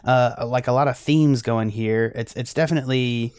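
A man's voice: medium pitch, steady tone, normal speed, a little mellow, clean tone, no echo, studio quality. An American man co-hosting a film review podcast, talking casually and rambling with many restarts. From United States. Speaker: podcast co-host.

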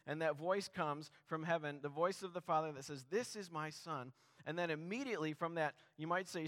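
Male pastor, sermon. Voice sits a bit high, earnest, conversational, asks the listeners questions. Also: fairly bright tone.

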